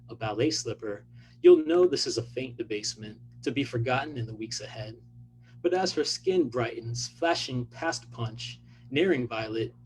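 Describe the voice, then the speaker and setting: A man, an author, reading his own fiction aloud in a measured, even delivery. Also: medium pitch, a little hiss or hum, low-quality recording.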